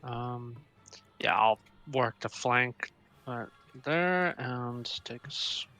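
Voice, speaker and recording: A man's voice: medium pitch, takes it slowly, pushed and bright. A man playing a tabletop game who hesitantly describes his character's moves, often searching for words. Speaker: player.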